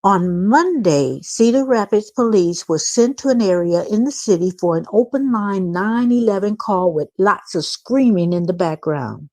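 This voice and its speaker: A woman's voice: mid-range voice, expressive, normal speed, hardly any pauses, warm tone, dry recording. A woman hosting her own podcast, reading a news story aloud with chatty asides to her listeners. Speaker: channel host.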